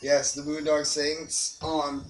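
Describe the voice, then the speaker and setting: A man's voice: a little high, completely flat delivery, takes it slowly, faint music behind. Easygoing man in an echoey room. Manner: easygoing, laughs often, agreeable. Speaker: co-host of a movie review show. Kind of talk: casual chat. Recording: echoey room, distant mic, noisy.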